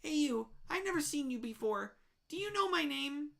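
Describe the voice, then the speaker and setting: A woman's voice: sits high, lively intonation, normal speed, gravelly, fairly bright tone, pitched above the performer's own voice, heavily acted. A woman voicing a forgetful male flame monster who pleads with strangers to tell him his own name. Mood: plaintive. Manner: plaintive, pleading, insistent questions.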